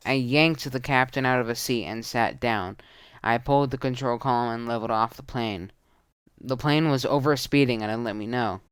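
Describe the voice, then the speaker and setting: A man narrating a first-person action story in a terse, dramatic way, shouting the quoted lines. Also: mid-range voice, moderate pace, clean tone, dry recording. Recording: narration over loud music.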